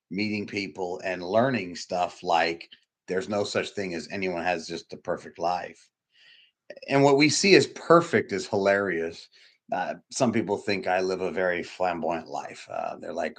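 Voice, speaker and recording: A middle-aged man preaching a sermon in a church hall, blunt and emphatic, with sudden loud high bursts. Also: normal speed. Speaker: pastor. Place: church hall with doors opening.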